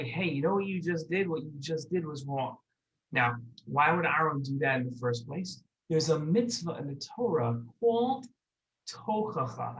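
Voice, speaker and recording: A children's Torah teacher telling a lesson story, gentle and repeating words for emphasis. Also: medium pitch, poor audio.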